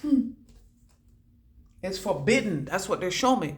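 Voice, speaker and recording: A woman giving a channelled oracle card reading. She rambles and repeats words in chanting bursts, swinging between low murmurs and loud declarations. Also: sing-song, a little slow. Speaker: psychic oracle card reader. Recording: echoey room.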